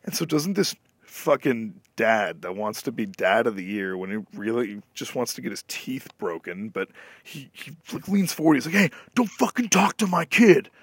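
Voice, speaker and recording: A young adult man hosting a podcast, telling a long, profane, animated story in casual chat. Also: on the low side, normal speed, slightly rough, dry recording. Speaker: podcast host.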